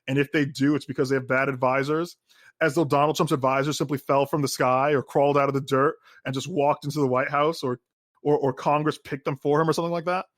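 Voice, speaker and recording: Male podcast co-host, slightly high voice, dead-dry studio sound, casual profane ramble. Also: level tone, quick pace, no room sound. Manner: rambling, profane, lots of fillers. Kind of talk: casual political chat.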